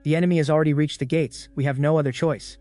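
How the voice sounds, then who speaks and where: A man voicing a frustrated, quick-tempered king who is pushed into a corner by his nobles. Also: fairly high pitch, fairly even intonation, a little mellow, dry recording, natural voice. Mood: frustrated, commanding. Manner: angry, commanding.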